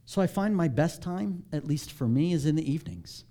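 Pastor guy preaching, chatty and self-deprecating, kinda higher voice. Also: expressive, moderate pace, few pauses, warm tone. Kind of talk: sermon.

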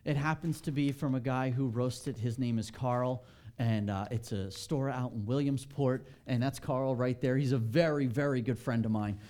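A man in his thirties preaching a sermon in a church, telling a personal story with lively acted-out quotes before turning to scripture. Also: mid-range voice, moderate pace. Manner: animated storytelling, acts out quotes. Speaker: pastor. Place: church sanctuary.

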